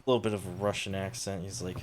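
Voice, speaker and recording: Low-voiced man running a tabletop game. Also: flat delivery, fast, noisy background. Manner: loose, rambling narration with fillers. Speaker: game master.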